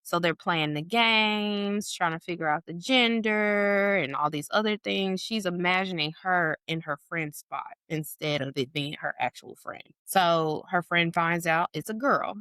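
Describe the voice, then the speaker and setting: A woman's voice: measured pace, few pauses, clear, resonant tone, dry recording. Woman podcast co-host, casual storytelling, lots of "like", dead dry sound. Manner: animated storytelling, acts out quotes in a high voice; heavy use of "like" and "or whatever".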